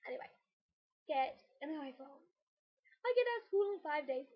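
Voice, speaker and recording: A teenage girl chatting casually and rambling excitedly in a home vlog, giggling often. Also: extremely high pitch, normal speed. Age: late teens. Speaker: vlogger. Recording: dull lo-fi home video audio.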